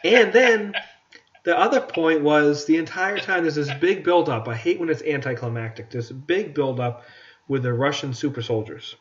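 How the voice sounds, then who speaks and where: A man's voice: fairly high pitch, moderate pace. A man co-hosting a casual podcast, ranting about movies and stumbling over repeated words. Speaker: podcast co-host. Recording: dull lo-fi podcast audio.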